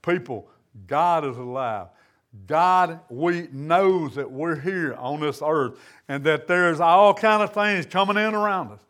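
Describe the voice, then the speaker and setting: A man's voice: fairly high pitch, slow pace, fairly bright tone. A man preaching a sermon in an earnest, folksy way, swelling and dropping his voice as he speaks. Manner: earnest, rising and falling preaching cadence with folksy grammar.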